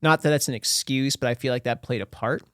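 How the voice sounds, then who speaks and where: A man's voice: medium pitch, fast talker, no room sound, studio quality. A man from a small town in Pennsylvania, a podcast guest telling his story in a candid, self-deprecating, joking way. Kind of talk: casual storytelling interview.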